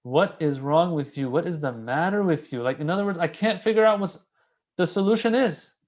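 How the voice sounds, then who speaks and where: A man giving a casual, conversational religious lecture, animated and repeating key phrases for emphasis. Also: a little high, fairly quick, lo-fi sound. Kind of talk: casual sermon explaining a classical text.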